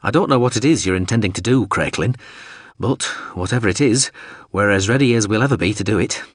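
A man's voice: lowish voice, a little fast, husky, no echo, clean studio sound. A man voicing a stout, rambling ship engineer in a loose, offhand way. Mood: easygoing.

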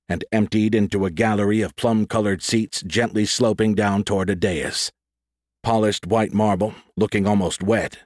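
A man with a fairly low voice narrates an audiobook in a measured, descriptive way. The recording is dry and close, with no room echo. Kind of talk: scripted narration.

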